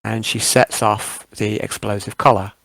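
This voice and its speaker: A man's voice: lowish voice, fairly even intonation, a little slow, creaky, fairly bright tone, no room sound. A man narrating a tabletop game as game master, with frequent hesitant ums.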